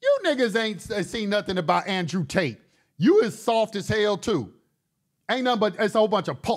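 A man's voice: high-pitched, wildly swooping pitch, normal speed. A male talk show host delivering a heated, profane monologue, repeating words and restarting his sentences as he gets worked up.

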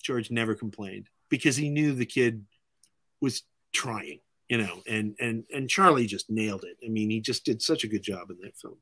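A middle-aged man, a filmmaker guest, telling anecdotes in an animated way and acting out other people's lines. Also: lowish voice, moderate pace, no echo. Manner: acts out other people's lines in lively voices.

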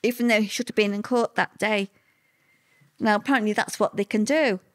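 Older woman, halting and emotional. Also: medium pitch, fairly even intonation. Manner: halting, emotional, many fillers and restarts. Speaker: guest. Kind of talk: personal interview recollection.

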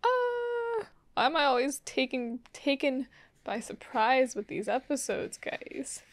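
A woman's voice: sits high, expressive, slow, no room sound. A woman hosting an anime reaction video, chatting casually and reacting emotionally with frequent laughs and gasps.

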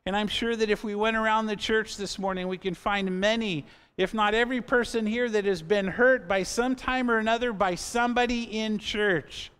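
A man's voice: sits high, steady tone, normal speed, few pauses, a bit bright, smooth. A man in his fifties preaching a sermon as pastor in a church, earnest and conversational, with asides to the congregation. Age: 50s. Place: church sanctuary.

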